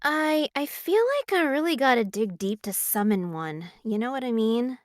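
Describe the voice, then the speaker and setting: A woman joining a stream call as a guest, excitable and quick to exclaim. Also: fairly high pitch. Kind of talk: casual stream chat.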